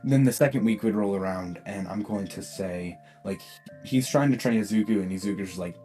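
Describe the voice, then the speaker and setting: Low-voiced young man rambling through a tale. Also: a little fast, warm tone, soft background music. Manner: rambling, laughs often, self-correcting. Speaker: storyteller. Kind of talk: casual what-if narration.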